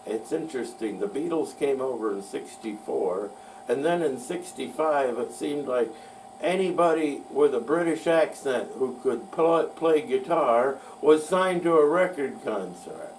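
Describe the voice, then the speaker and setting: A man's voice: medium pitch, expressive, unhurried, a little mellow, recorded from a distance, poor audio. Man, podcast host, folksy rambling monologue, faint mains hum behind. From United States. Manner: folksy, rambling, self-mocking. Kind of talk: rambling solo music-history talk.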